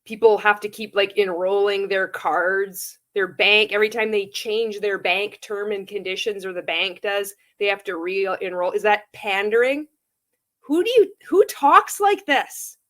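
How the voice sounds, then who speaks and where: A woman's voice: on the high side, a bit bright. A woman giving sarcastic reaction commentary on a video clip. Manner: sarcastic, laughing, profane. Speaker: commentary vlogger.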